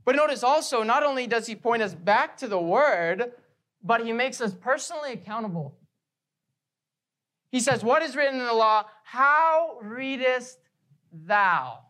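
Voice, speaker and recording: A woman pastor preaching a sermon with emphasis, often repeating key phrases slowly. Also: fairly high pitch, fairly bright tone.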